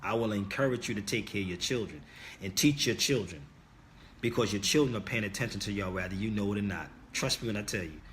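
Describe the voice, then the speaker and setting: Talking fast in a fairly low, somewhat bright voice, a middle-aged man preaches casually to his livestream viewers. He speaks to them directly and insistently, repeating key words like a sermon, over a faint hiss or hum.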